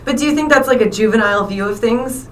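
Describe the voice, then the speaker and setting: A woman's voice: on the high side, echoey room, distant mic, slight background noise, low-quality recording. A woman from South Florida hosting a radio morning show, with playful, teasing banter. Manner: playful, teasing, quick to laugh. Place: radio studio.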